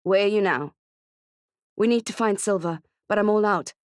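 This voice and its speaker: A woman voicing Kate, a shaken, exhausted mother who speaks quietly and haltingly, in a thriller audiobook. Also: mid-range voice, smooth, no echo, clean studio sound, lightly acted.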